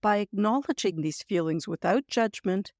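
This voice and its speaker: A woman hosting a parenting podcast, giving gentle, reassuring advice and sample phrasings in a scripted talk. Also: medium pitch, expressive, moderate pace, no echo, studio quality.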